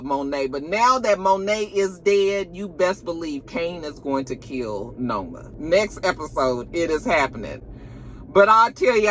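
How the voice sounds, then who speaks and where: A woman, recapping a TV episode in animated, dramatic, slangy storytelling. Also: mid-range voice. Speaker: TV recap vlogger. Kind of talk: casual recap chat.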